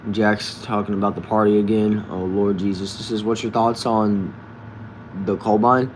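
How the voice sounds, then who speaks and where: Low-voiced man chatting from a shed. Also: normal speed, slight background noise. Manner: relaxed, reads comments aloud and answers. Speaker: livestream host reading chat. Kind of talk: casual live chat. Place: backyard shed.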